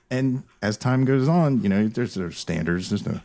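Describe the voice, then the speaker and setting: A man hosting a casual podcast chat, telling stories in an animated, rambling way with frequent restarts. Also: fairly low pitch, normal speed. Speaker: podcast host.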